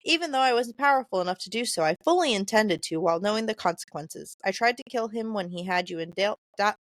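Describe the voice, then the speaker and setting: A woman's voice: medium pitch, lively intonation, fast, no room sound, studio quality. Woman casually reading book passages aloud. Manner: reads quoted dialogue in a plain voice, stumbles over names. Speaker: podcast co-host.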